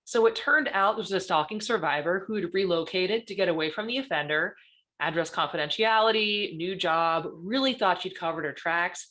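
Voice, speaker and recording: A woman's voice: lowish voice, moderate pace, a bit bright. A woman giving a conversational presentation as a guest panelist, often checking in with "right?". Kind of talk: presentation talk.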